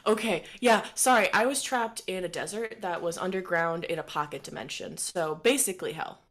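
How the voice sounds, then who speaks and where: A woman's voice: fairly low pitch, moderate pace, hardly any pauses. A woman playing her character in a tabletop game, emotional and swearing freely. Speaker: player.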